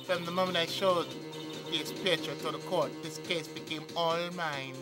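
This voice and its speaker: A man's voice: on the high side, steady tone, normal speed. A man doing let's-play commentary, reading game dialogue and thinking aloud with jokes and self-corrections. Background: game music.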